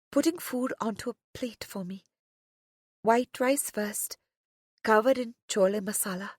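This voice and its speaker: A soft-spoken woman narrating a first-person romance audiobook, often dropping to a whisper. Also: a little high, breathy edge, no room sound, clean studio sound.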